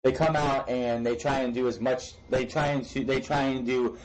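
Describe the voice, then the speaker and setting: A man's voice: medium pitch, steady tone, moderate pace, low-quality recording. A young man recapping wrestling shows in a casual, opinionated way, blunt and ranting, with frequent restarts and casual swearing. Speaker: wrestling show reviewer.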